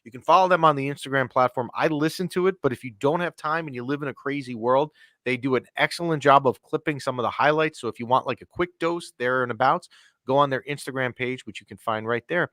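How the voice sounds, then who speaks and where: A man's voice: medium pitch, fast, bright, forceful tone, no echo, clean studio sound. A man hosting a casual hockey podcast, asking questions in an easygoing way. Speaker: podcast host.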